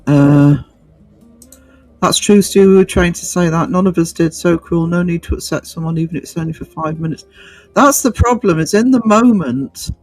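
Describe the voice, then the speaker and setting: A man hosting a relaxed livestream, reading out comments. He talks in a fairly high voice, stopping and restarting often with plenty of ums. Faint music plays under him. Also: normal speed, low-quality recording. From North East England. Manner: hesitant, many fillers and restarts. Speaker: livestream host. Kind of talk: casual chat reading viewer comments.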